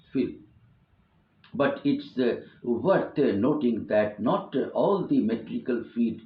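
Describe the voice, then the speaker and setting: A man from India, an English professor giving an online lecture on poetry, halting often with fillers and restarts. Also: fairly low pitch. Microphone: online class recording. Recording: roomy, phone-like lo-fi audio.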